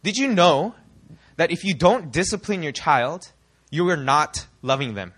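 Young male preacher, from the US, bright ringing tone, animated sermon delivery. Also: on the high side, unhurried. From United States. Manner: animated, rhetorical questions to the congregation.

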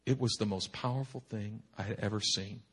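A man preaching at a church retreat, telling a humorous personal story in an animated, rambling way full of restarts. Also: lowish voice, fairly quick, breathy edge. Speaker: pastor. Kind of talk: sermon storytelling. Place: retreat meeting hall.

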